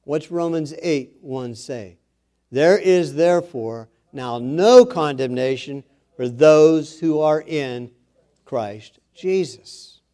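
A man's voice: a little high, expressive, slow pace, warm tone. A man preaching a sermon, earnest, with self-deprecating asides, rising in force when he exhorts.

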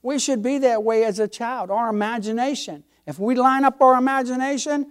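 A man's voice: very high-pitched, normal speed, clean tone. Older pastor guy preaching, folksy and emphatic, telling little family stories. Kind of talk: sermon.

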